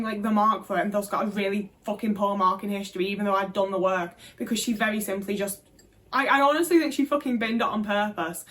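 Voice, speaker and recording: A young woman talks straight to the camera in a casual vlog. Her voice sits a little high, and she is blunt and emphatic, swearing freely and often restarting her sentences. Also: a bit bright. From Britain. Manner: frank, frequent swearing, emphatic; many fillers and restarts. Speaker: vlogger.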